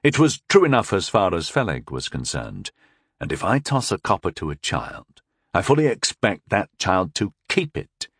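A man's voice: sits low, very animated, moderate pace, fairly bright tone, husky, no echo, studio quality. A man narrating a first-person fantasy story in a wry, conversational way. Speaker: audiobook narrator.

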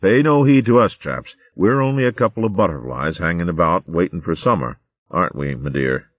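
A man voicing a jolly, chatty gentleman hare in a storybook reading, with a breezy, chipper manner. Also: low voice, animated, brisk, dry recording. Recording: phone-like dry audio.

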